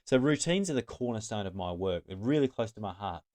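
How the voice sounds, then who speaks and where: A middle-aged man speaks to a room of teachers in a fairly low voice. He is earnest and emphatic, stressing his points as a trainer. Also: lively intonation, fairly quick, darkish tone. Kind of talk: presentation to teachers.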